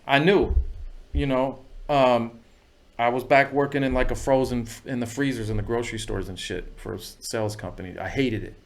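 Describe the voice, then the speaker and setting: A man speaking at a middle pitch, telling his story casually and profanely. He keeps tossing in "you know what I mean" as he goes on. He sounds like a producer guest on a laid-back podcast. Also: steady tone, fairly quick.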